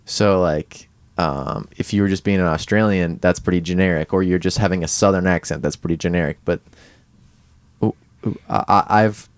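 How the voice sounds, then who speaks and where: A man co-hosting a podcast in casual comedic chat, halting and thinking aloud with many fillers. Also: low-pitched, smooth, dry recording. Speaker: podcast co-host.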